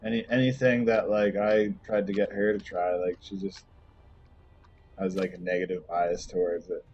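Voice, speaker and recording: A young streamer rambles through a personal story as he plays, swearing and using plenty of fillers. He speaks low and flat at a normal speed with a darkish tone, over slight background noise, a dull lo-fi mic, and faint game music.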